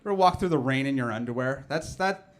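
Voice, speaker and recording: A man's voice: mid-range voice, expressive, brisk. Man, thirties, stand-up comic, self-deprecating, rambling, lots of ums and restarts. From Nova Scotia, Canada. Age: 30s. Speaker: comedian. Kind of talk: stand-up comedy set.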